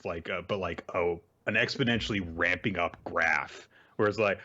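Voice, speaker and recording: A man's voice: on the low side, dull audio. A man co-hosting a podcast, chatting casually and rambling through a manga recap with plenty of fillers. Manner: rambling, animated, many fillers. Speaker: podcast co-host.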